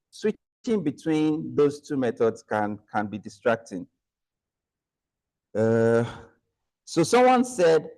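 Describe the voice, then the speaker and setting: A man's voice: mid-range voice, darkish tone. A man evaluating a club meeting, standing at a lectern and correcting speakers with rhetorical questions. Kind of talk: club meeting feedback speech.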